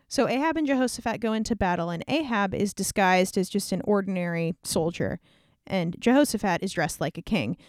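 A woman's voice: mid-range voice, expressive, a little fast, no room sound, clean studio sound. A woman casually retelling an old scripture story in a slangy, irreverent way, peppered with "like". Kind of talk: casual comedic Bible retelling.

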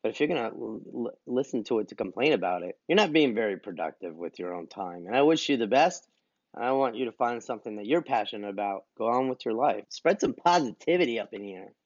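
A man co-hosting a laid-back podcast, talking in an animated, rambling way and breaking into laughter often. His voice sits at a middle pitch. The recording is dry and a little dull. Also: fast, no room sound. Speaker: podcast co-host. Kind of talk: casual chat.

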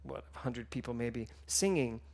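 A man giving a sermon, telling stories with emotion, moving between hushed and loud passages. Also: mid-range voice, expressive, moderate pace. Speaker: minister.

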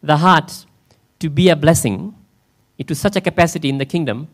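A fairly high-pitched man speaks a little fast while preaching as a pastor in church. His sermon is conversational, and he keeps asking the congregation questions.

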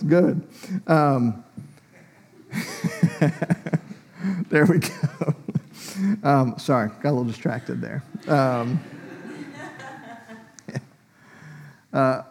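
Male preacher, slightly high voice, chatty and animated, quick to laugh. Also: breathy edge. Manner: conversational, animated, laughs often. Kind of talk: sermon.

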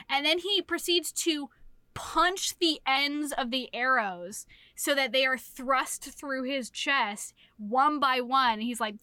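A woman's voice: high-pitched, a little slow, sharp tone, clear, resonant tone, no room sound. A woman co-hosting a podcast, telling a book plot with lots of swearing and laughter and acting out the characters as she goes. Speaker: podcast co-host. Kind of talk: casual book chat.

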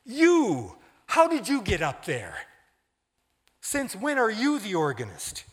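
A man voicing a furious, fanatical male pastor in a read-aloud story, with shrill shouted outbursts. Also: wildly swooping pitch, slow pace, heavily acted. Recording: long hall reverb.

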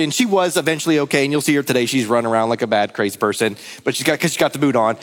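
Pastor preaching in an echoey hall. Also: male voice, fairly high pitch. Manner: storytelling, lively and conversational. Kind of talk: sermon. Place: church hall. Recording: long hall reverb.

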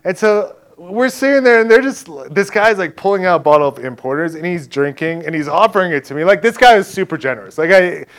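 Preacher, male, slightly high voice; relaxed storytelling testimony, laughs between lines. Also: a little fast, few pauses. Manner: casual storytelling, laughs often. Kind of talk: conversational sermon testimony.

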